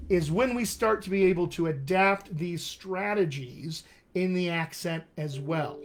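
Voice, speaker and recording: A man's voice: high-pitched, slight background noise. A man coaching accents in a live online session, demonstrating sounds and reading viewer comments with eager energy. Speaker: dialect coach.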